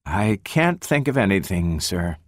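A man reading a sharp, cold woman scientist in an audiobook, speaking in a cutting, precise and insistent way. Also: deep voice, sing-song, unhurried, dry recording, clean studio sound. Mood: weary.

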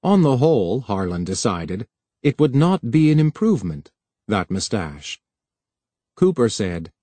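Brief: male audiobook narrator, measured and even, dry close recording. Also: lowish voice, no room sound.

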